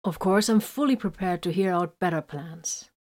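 Brief: a woman reading as a grim, quiet-spoken male space marine psyker, low and clipped, storybook narration. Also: normal speed, natural voice. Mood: pointed. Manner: quiet, clipped, then bursts into roaring.

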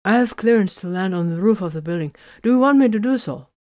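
A woman's voice: mid-range voice, expressive, fast talker, darkish tone, no room sound, studio quality, voice pushed up, natural voice. A woman reading the part of a deferential male shuttle pilot, formal and polite.

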